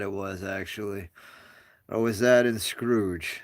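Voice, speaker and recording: Slow, rambling man live-streaming. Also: mid-range voice. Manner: slow, rambling, greets viewers. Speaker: livestream host. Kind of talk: casual live-stream chat.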